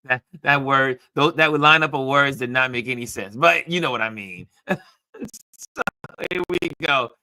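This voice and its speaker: Guy hosting a livestream, reading comments out loud, repeats stuff, bright punchy voice. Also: mid-range voice, moderate pace, long pauses, no echo, studio quality. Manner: chatty, repeats phrases for emphasis. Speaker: livestream show host. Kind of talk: casual chat reading viewer comments aloud.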